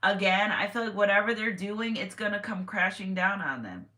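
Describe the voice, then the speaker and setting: A woman's voice: medium pitch, expressive, moderate pace, sharp tone. A woman giving a casual tarot reading to her viewers, chatty and repetitive with sudden exclamations. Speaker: tarot reader. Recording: echoey room with faint noise.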